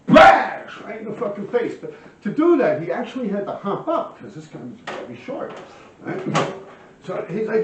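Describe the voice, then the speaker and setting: Animated, profane man telling street stories. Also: sits high, normal speed, background noise. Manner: animated, profane, heavy slang and fillers. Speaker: storyteller of his own past crimes. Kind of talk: casual street storytelling to camera. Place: at home by a window. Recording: roomy, distant, dull sound.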